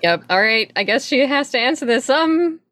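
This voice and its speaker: A woman's voice: sits high, lively intonation, moderate pace, fairly bright tone. A woman playing in a tabletop game, answering the game master casually and wryly. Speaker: player.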